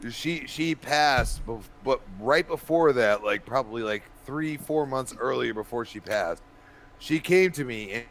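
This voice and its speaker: A man's voice: mid-range voice, a little hiss or hum. Man telling rambling family stories. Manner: rambling animated storyteller, many restarts and laughs. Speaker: podcast co-host. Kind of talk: casual chat.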